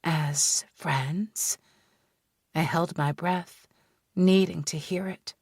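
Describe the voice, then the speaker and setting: A woman reads a first-person romance audiobook at a slow, unhurried pace. Her voice sits a little low, and the studio sound is dry and close. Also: fairly even intonation, a little mellow, husky, no room sound. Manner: measured, unhurried storytelling. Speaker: audiobook narrator.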